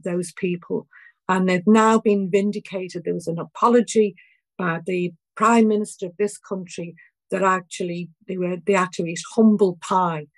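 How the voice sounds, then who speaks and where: Older woman, Scouse accent, activist guest, heartfelt and halting, close to tears, dry close sound. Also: medium pitch, dry recording, poor audio. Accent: Liverpool (Scouse). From Liverpool, England. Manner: heartfelt, halting, many restarts. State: near tears. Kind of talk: emotional interview answer.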